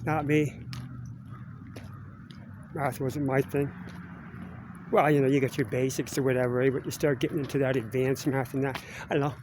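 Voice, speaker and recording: Against a noisy background, a middle-aged Canadian man vlogs while walking outdoors around school grounds. His medium-pitched voice is flat, at normal speed, with frequent pauses, and his rambling chatter is dotted with "eh?" at the ends of phrases.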